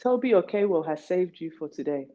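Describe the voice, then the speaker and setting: Low, mellow-voiced woman rambling playfully. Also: animated, brisk. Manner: playful, tangential, full of wordplay. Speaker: artist guest. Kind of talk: rambling interview talk. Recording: dull lo-fi recording.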